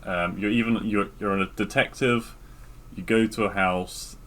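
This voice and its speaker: A man's voice: on the low side, fairly even intonation, a little slow, fairly bright tone. A man co-hosting a casual podcast, talking loosely with lots of fillers and some teasing of his co-host.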